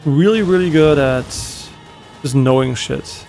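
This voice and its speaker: A man's voice: fairly high pitch, measured pace, gravelly, a little mellow, soft background music. A young man streaming a game, chatting casually and rambling with lots of fillers and easy laughter. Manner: rambling, loose, laughs often, many fillers. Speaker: gaming streamer. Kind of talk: casual chat while streaming gameplay.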